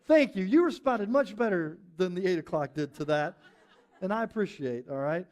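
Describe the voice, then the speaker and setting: A man preaching a sermon to a live church audience, telling a story in an animated way and acting out quotes. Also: high voice, normal speed. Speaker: pastor.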